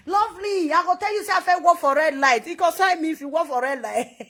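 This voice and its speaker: A woman speaking in a Nigerian Pidgin accent, ranting loudly and scolding on social media. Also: high-pitched. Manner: animated, loud and scolding, switching between pidgin and English.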